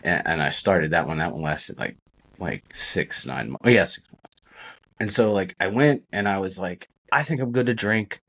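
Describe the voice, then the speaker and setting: A man's voice: deep voice, normal speed, fairly bright tone, slightly rough. A man, a podcast guest, telling his own story in a candid, casual way, swearing often and using many fillers.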